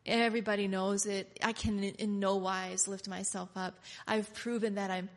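A woman voicing a defeated, hopeless believer who talks quietly and resignedly, sometimes half-whispering. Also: medium pitch, level tone, moderate pace, close to an everyday voice. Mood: resigned, mopey.

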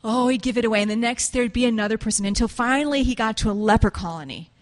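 A woman preaching with earnest emotion, retelling a story in a tearful voice that drops to a hush and rises loudly again. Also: on the high side, quick pace. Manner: tearful, earnest, swings from hushed to loud.

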